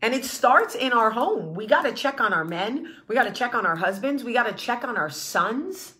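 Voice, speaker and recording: A woman's voice: a little high, sing-song, moderate pace, bright, forceful tone. A woman hosting her vlog, giving an impassioned, blunt monologue with swearing and repeated rallying phrases. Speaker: vlog host.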